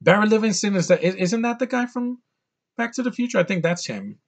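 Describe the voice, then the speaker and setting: A man's voice: high voice, animated, a little fast, dull audio. A man giving a casual, rambling spoken film review, enthusiastic and full of restarts. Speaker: movie reviewer.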